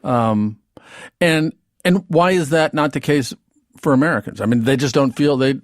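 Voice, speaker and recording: A man hosting a radio interview, with halting questions full of restarts. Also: mid-range voice, no echo, clean studio sound. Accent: put-on British accent in readings. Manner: halting, restarts questions, tries a posh accent. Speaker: radio host. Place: radio studio. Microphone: studio mic.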